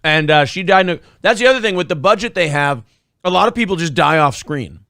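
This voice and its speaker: A morning talk show host with a highish, sharp voice speaks fast with lively intonation, chatting casually in a blunt, profane way. The studio recording is clean with no echo.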